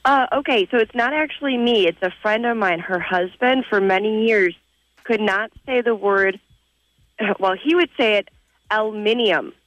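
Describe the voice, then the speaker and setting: A woman's voice: medium pitch, moderate pace, a bit bright, no echo, rough recording. A woman calling a radio show by phone, chatty and laughing. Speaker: caller.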